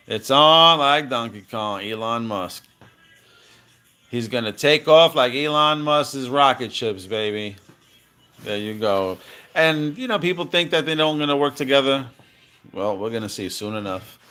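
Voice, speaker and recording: A man giving excited, slangy commentary over cartoon clips, repeating himself and calling out to viewers. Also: medium pitch, smooth. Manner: hyped, slangy, repeats phrases, calls out "baby" and "fam". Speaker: crypto commentator.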